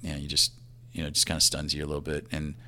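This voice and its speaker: A man in his fifties, a police assistant chief, telling a personal story in a halting, reflective way that often trails off quietly. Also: extremely low pitch, completely flat delivery.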